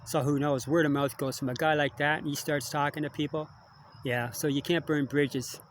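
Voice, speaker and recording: A man's voice: fairly high pitch, fairly even intonation, moderate pace, slight background noise. An older man talking in a rambling, casual monologue, digressing often and ending lines with tag questions. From Canada. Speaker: musician vlogger.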